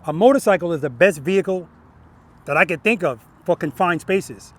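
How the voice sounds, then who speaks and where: A man's voice: sits high, normal speed, fairly bright tone. A man teaching a group of riders outdoors as their riding instructor, questioning the group and ending points with "right?". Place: outdoor practice lot.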